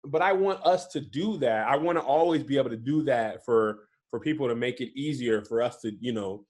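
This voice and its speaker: A man guesting on an interview over a video call from home, chatting in a relaxed way and often asking "right?" and "you know what I'm saying". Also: mid-range voice, fairly quick. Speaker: comedian and guest. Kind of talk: casual interview chat.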